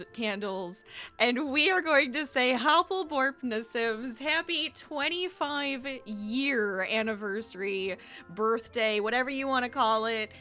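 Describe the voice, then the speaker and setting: A woman gaming YouTuber chatting casually over her gameplay, upbeat and quick to laugh. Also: fairly high pitch, bright, forceful tone. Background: background music.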